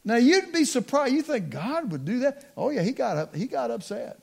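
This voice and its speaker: A middle-aged man preaching a sermon, calling on the congregation to respond, slowing down to stress key words and dropping into quiet asides. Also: sits high, very animated, creaky. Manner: call-and-response preaching, slows for emphasis, drops to hushed asides.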